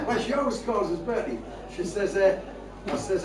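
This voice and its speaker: An older man with a broad Northeast English accent spins comic yarns to a live audience, laughing at his own punchlines. His voice sits fairly high and rings around a roomy hall. The mic catches him from a distance, with a laughing crowd behind. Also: a little slow. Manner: chatty, laughing at his own jokes, dialect-heavy. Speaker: comic storyteller and spoon player. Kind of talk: stand-up storytelling to a live crowd.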